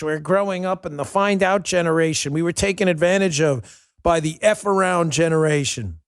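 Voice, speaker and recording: A man's voice: mid-range voice, no echo, clean studio sound. A man hosting a political commentary show, talking in a combative, ranting and mocking way. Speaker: host.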